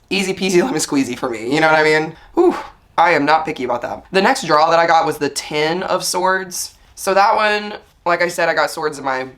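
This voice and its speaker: Chatty husky-voiced woman book vlogger. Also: low-pitched. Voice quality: husky morning voice. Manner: chatty, upbeat, lots of "like". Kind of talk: casual chat.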